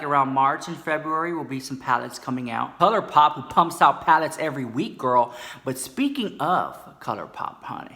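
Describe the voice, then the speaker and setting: Sassy gossiping man, bright voice. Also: medium pitch. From United States. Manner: sassy, dramatic, calls viewers "girl" constantly. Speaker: comedy vlogger. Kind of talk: campy gossip vlog.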